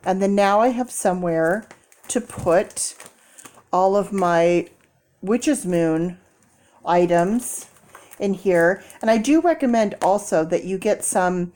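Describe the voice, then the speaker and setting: A woman vlogging in a casual, animated storytelling way, acting out people in quoted voices and laughing often. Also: medium pitch, slow pace.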